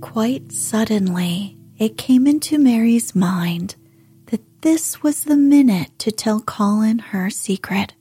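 Very slow, husky sleep-story woman. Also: a little high, expressive, faint music behind. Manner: slow, soft and soothing, drifting into whispers. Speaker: podcast host and reader.

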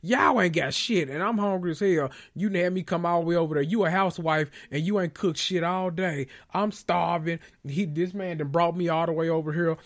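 A man's voice: a little high, fairly quick, hardly any pauses, natural voice. A man voicing a hungry, fed-up middle-aged woman guest who complains with plenty of profanity. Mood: exasperated.

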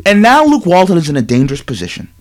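High, animated male sports talk host. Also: quick pace. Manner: emphatic, repetitive, lecturing. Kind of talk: animated sports commentary monologue.

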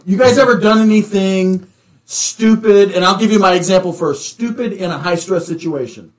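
A man with a high voice, a former officer, asks his co-hosts questions and tells his own chase story. He talks with emphasis, swears freely and starts sentences over. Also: normal speed. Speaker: former police officer, podcast co-host. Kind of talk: casual chat, moderating questions.

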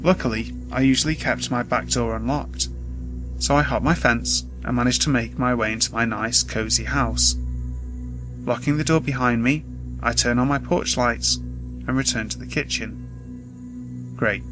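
A man narrates a scripted horror story from a first-person perspective, calm and measured throughout. Faint music sits behind his mid-range voice on a rough-sounding recording.

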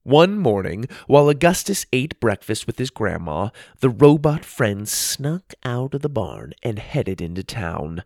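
A man narrating a children's storybook in an expressive, playful reading. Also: medium pitch, a little slow, gravelly, few pauses, dry recording, clean studio sound.

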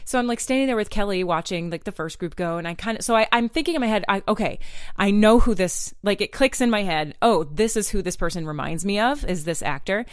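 A woman's voice: mid-range voice, animated, fast talker, clear, resonant tone, no echo, studio quality. A woman from Maine, co-hosting a podcast and telling a story in casual chat, acting out the dialogue. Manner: chatty, acts out quoted dialogue. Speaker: podcast co-host.

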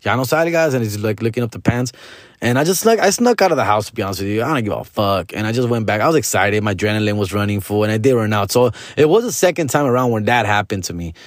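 A man's voice: on the low side, lively intonation, fast talker, dry recording, clean studio sound. A man in his forties telling a personal story in casual, profane slang, switching between English and Spanish. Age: 40s.

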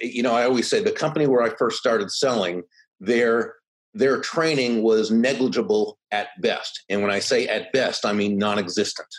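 A man in his sixties, a podcast guest, telling stories in an animated way and acting out quotes. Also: medium pitch, rough recording. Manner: animated, does voices when quoting others. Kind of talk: conversational storytelling.

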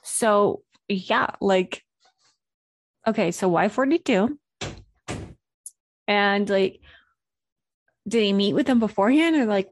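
A woman's voice: mid-range voice, slow, pauses often, no echo. A woman co-hosting a casual podcast, chatty and a bit sweary, breaking into silly sound effects. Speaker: podcast co-host. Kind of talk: casual chat.

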